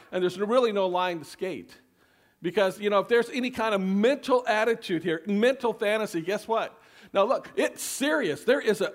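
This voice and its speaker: A middle-aged male pastor preaching a sermon, delivering sarcastic mock advice in an emphatic, animated way and often laughing. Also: high voice.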